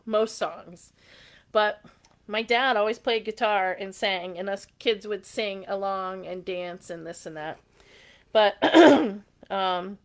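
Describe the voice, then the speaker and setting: A middle-aged woman with a slightly hoarse voice, hosting a live jewelry sale, chatting casually and reading viewer comments. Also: mid-range voice. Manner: chatty and sentimental, reads viewer comments aloud. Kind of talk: casual live-stream chat.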